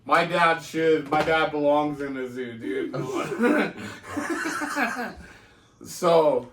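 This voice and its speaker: Brief: high, gravelly male co-host, slow and profane, echoey and off-mic. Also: lively intonation, a bit bright, slight background noise. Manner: profane, laughing storyteller. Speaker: podcast co-host. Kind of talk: casual storytelling. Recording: echoey room, mic at a distance.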